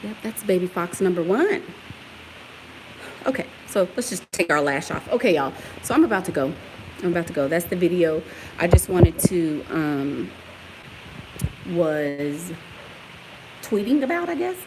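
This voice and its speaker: Sassy, animated woman vlogging at home. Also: lowish voice, unhurried, long pauses. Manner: sassy and animated, talks back to commenters, laughs often. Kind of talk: casual vlog chat. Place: at home, moving around the house and yard. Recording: home recording with clear background noise.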